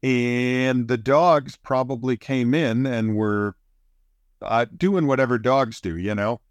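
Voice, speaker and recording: A middle-aged man co-hosting a casual chat, telling a story in an animated way, chuckling often and jumping up in pitch for emphasis. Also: slow, dry recording. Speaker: podcast co-host.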